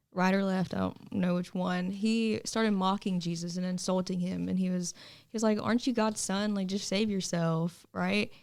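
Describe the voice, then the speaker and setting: Young woman with a gravelly, smooth voice. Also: mid-range voice, darkish tone. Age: young adult. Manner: chatty, retells story with many "like"s. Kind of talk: casual podcast discussion.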